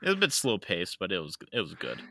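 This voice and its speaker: Bright-voiced man in a laid-back podcast chat. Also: sits low, wildly swooping pitch, fast, no room sound, studio quality. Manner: laid-back, laughs often, swears. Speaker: podcast co-host. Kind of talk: casual chat.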